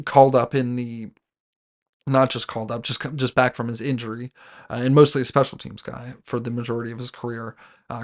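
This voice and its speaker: A man hosting a sports podcast, giving a casual solo recap of his team's game. He rambles as a fan, with many fillers and restarts. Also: mid-range voice. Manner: rambling, with frequent fillers and self-corrections; fan talking about his team as "we".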